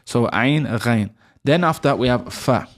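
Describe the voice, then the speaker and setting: A man's voice: mid-range voice, animated, moderate pace. A man giving a casual spoken lesson on Arabic letters, repeating throat sounds in an exaggerated way and correcting himself as he talks. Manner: self-correcting, chatty, laughs at himself. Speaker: Arabic teacher.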